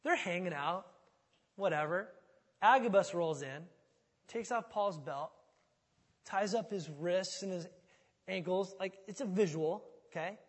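A man preaching a sermon in a casual, conversational way, swinging from loud pleading to quiet, low asides. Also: a little slow, pauses often, husky. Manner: conversational, dramatic retelling with big swings in volume. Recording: reverberant hall.

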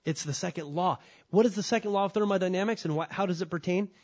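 Male pastor, higher voice, emphatic sermon delivery, lots of rhetorical questions and repetition. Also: quick pace, darkish tone. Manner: repeats key points for stress.

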